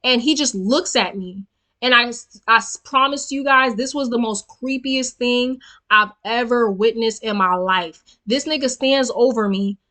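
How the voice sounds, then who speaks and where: Bright-voiced young woman ranting a storytime. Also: on the high side, unhurried. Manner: animated, profane and emphatic, talking straight to viewers. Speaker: storytelling vlogger. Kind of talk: casual storytime rant.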